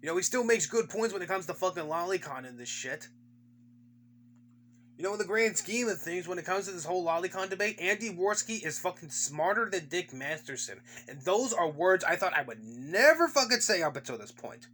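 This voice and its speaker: Male commentator, high voice, foul-mouthed and mocking; keeps hammering the same jeering questions. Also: expressive, brisk, pushed and bright, a little hiss or hum. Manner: heavy swearing, taunting repetition.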